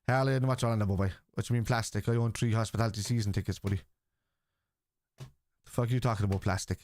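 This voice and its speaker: Blunt swearing streamer, dry close mic. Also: male voice, on the low side, steady tone, fast, a little mellow, no echo. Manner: blunt and argumentative, swears freely. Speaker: football watchalong streamer. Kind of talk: casual live-stream chat, answering viewers.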